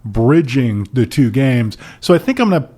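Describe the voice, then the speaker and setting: A man's voice: mid-range voice, sing-song, normal speed, warm tone. A man co-hosting a podcast in casual chat, joking, swearing and laughing as he talks. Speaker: podcast co-host.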